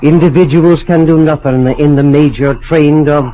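An actor playing a skeptical American professor in an old-time radio drama, inquisitive and probing. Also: male voice, on the high side, steady tone, moderate pace, lightly acted. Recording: dull lo-fi old radio recording with faint hiss.

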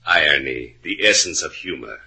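A silky, sardonic villain. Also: male voice, a bass voice, lively intonation, moderate pace, sharp tone, breathy edge, full character voice. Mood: menacing. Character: suave, menacing male villain. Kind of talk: 1940s radio acting.

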